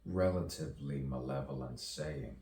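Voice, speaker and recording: The voice is remarkably low, gravelly and warm: a poet reciting a wandering spoken-word piece whose lines recur in slow, rhythmic loops. Captured from a distance in a roomy, echoey space, it carries a faint background hiss.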